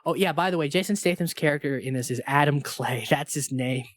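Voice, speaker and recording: A man's voice: a little high, fairly even intonation, fast, few pauses, no room sound, studio quality. A man co-hosting a podcast, chatting casually and reading movie quotes aloud with relish, laughing often. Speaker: podcast co-host.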